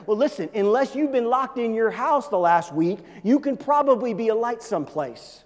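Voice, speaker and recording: A man preaching a sermon to his church, swinging between loud, urgent peaks and soft, low asides. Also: very animated, moderate pace. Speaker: pastor. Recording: long reverb of a large hall.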